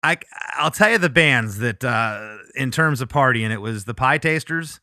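A middle-aged man chats as an interview guest, spinning road stories in a loose, rambling way and laughing often as he goes. His voice is bright and forceful. It is recorded close and dry, with no room sound. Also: mid-range voice, lively intonation, normal speed, dry recording. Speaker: touring musician guest. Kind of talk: casual interview storytelling.

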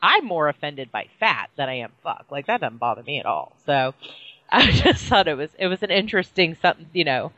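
A woman's voice: sits low, big pitch swings, a little fast, pushed and bright, dry recording, muffled recording. A middle-aged woman co-hosting a podcast over a video call, chatting casually and bluntly, swearing freely. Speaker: podcast co-host. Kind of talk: casual chat.

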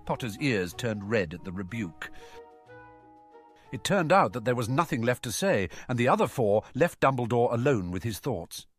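A man's voice: medium pitch, moderate pace, soft background music. A man narrating a fan fiction audiobook expressively, voicing every character himself. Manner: expressive, performs all the characters. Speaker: audiobook reader.

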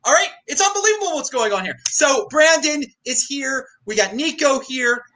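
Man, host, hyped, high animated voice, bright tone. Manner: hyped, loud and fast-talking. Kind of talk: excited live stream chat.

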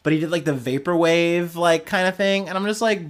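A man's voice: a little high, animated, fairly quick, few pauses, a bit bright. A young man hosting a podcast, giving casual, profane, sarcastic news commentary and often laughing. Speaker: podcast host.

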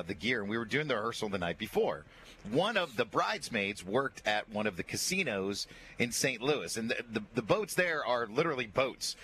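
Animated man telling a story. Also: mid-range voice, slight background noise. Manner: animated storyteller, acts out quotes with laughs. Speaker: radio show regular. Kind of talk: storytelling on a radio show.

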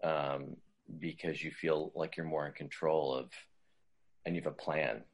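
A man's voice: a bass voice, fairly even intonation, unhurried. A man speaking as a guest voice coach, giving conversational advice in a loose, rambling way with many fillers and restarts.

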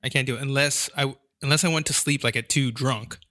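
A man's voice: mid-range voice, steady tone, a little fast, bright, forceful tone, dry recording, studio quality. Laid-back man swearing through casual chat. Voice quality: swears constantly, lots of likes and dudes. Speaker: podcast host.

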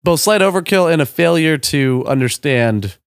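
A man's voice: on the high side, animated, moderate pace, smooth, dry recording, clean studio sound. A man hosting a podcast, chiming in with candid, wry remarks. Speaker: podcast host. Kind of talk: casual interview chat.

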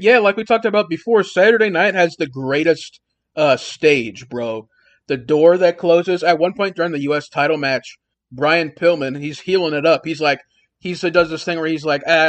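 Hombre relajado que habla con jerga. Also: male voice, fairly high pitch, dry recording. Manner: laid-back, slangy, says dude and bro. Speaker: podcast co-host. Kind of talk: casual chat.

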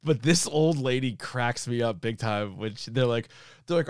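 Smooth, dry-voiced man riffing on a podcast. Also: mid-range voice, unhurried, no echo. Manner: animated, acts out quoted lines. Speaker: podcast co-host. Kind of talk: casual comedy podcast chat.

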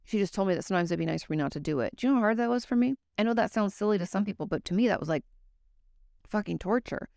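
A woman's voice: medium pitch, animated, racing, vocal fry, a little mellow, dry recording, clean studio sound. A woman therapist talking casually and candidly to her viewers, giving advice and now and then swearing. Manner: candid, conversational, occasionally swears.

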